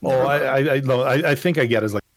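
A man's voice: medium pitch, fast talker. A man co-hosting a casual podcast panel chat, making wry, joking asides. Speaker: podcast co-host.

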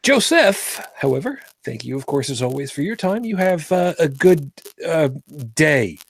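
A man's voice: fairly high pitch, expressive, normal speed, vocal fry, breathy edge. A man hosting a casual livestream chat who rambles, trails off and restarts, and swears offhand. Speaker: host.

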